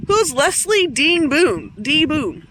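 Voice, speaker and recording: A woman muses aloud while walking through a town cemetery, unhurried and halting, circling back to repeat her phrases. Her talk turns emotional at times. Cars passing on a nearby street come through clearly behind her. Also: high voice, big pitch swings, a bit bright, poor audio. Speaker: vlogger. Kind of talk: musing outdoor monologue. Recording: outdoor street noise. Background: passing traffic.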